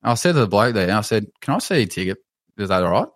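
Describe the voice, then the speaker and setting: A man with an Australian accent telling a story on a podcast in a casual, animated way, swearing and laughing as he goes. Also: on the low side, fast, no room sound. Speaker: podcast co-host.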